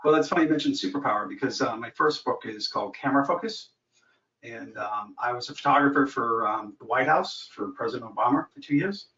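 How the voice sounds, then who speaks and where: A new coaching client calls in and tells his story in a chatty, self-deprecating way, like a casual conversation. His voice is medium-pitched, a little fast and sharp. A distant mic makes the sound echoey and dull.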